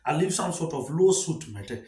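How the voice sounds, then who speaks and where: A man's voice: a little high, very animated, normal speed, mellow. A man rambling through a solo monologue, firing off rhetorical questions and tagging "mate" onto nearly every phrase. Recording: echoey room.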